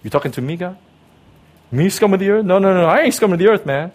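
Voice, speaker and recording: A man's voice: high-pitched, lively intonation, quick pace, pitched above the performer's own voice. A man voicing a brash, prideful man who bristles at an insult in a streetwise, indignant way.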